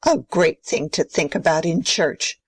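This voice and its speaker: A woman's voice: low-pitched, animated, measured pace, slightly rough, no echo, full character voice. A woman playing a strict, proper old grandmother who scolds sternly. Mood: prim. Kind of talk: amateur play reading.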